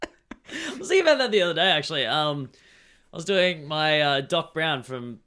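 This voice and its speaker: A young man co-hosting a podcast, blunt and sweary in casual chat, his voice a little hoarse. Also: on the high side, big pitch swings, normal speed, bright, forceful tone. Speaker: podcast co-host.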